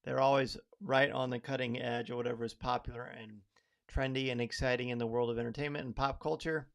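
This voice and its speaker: A man's voice: mid-range voice, flat delivery, brisk, gravelly. A man hosting a live podcast, upbeat and chatty, greeting viewers by name as they arrive. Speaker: podcast host.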